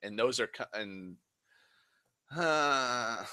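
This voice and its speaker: A man's voice: mid-range voice, expressive, slow, fairly bright tone, no room sound. A man from Massachusetts rambling casually on a stream, profane and self-mocking, a little tipsy on whiskey. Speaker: livestream host.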